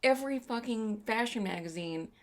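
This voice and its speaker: A woman's voice: on the high side, animated, moderate pace. A woman co-hosting a casual movie review podcast, opinionated and ranting, swearing freely. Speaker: podcast co-host.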